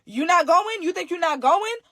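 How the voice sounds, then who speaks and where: A tough, unbothered mother taunts her foe with sassy, mocking questions, as her daughter plays her. The voice sits high and is recorded close and dry. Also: expressive, moderate pace, fairly bright tone, no room sound, full character voice. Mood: taunting.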